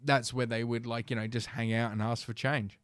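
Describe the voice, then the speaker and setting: This South Australian podcast host has a brisk, smooth, fairly bright mid-range voice and a flat delivery. On his livestream he rambles through a profane story packed with fillers and restarts, recorded in clean studio quality with no room sound.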